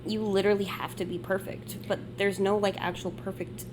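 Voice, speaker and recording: A woman in her twenties co-hosting a podcast in casual chat, playful and jokey, quick to laugh. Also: medium pitch, flat delivery, background noise. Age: 20s. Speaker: podcast co-host.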